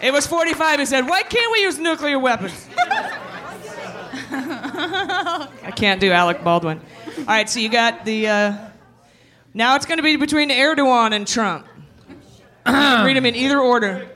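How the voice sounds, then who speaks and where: A woman's voice: high voice, lively intonation, a little slow, long pauses, pushed and bright. A woman hosting a live comedy quiz game, playful and laughing as she talks to the room. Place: live venue with an audience. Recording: noisy room with crowd chatter.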